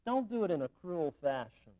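A man's voice: high-pitched, very animated, normal speed, dark tone, lo-fi sound. A man preaching a sermon, explaining a Bible text with emphatic, repeated phrasing.

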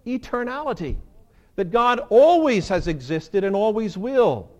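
A man preaching a sermon as pastor, animated, acting out quoted lines with sudden leaps in pitch.

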